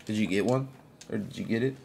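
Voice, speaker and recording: A man streaming a game live, chatting casually with viewers, greeting them by name and reacting out loud to plays. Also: fairly low pitch, fast talker, vocal fry, a little hiss or hum.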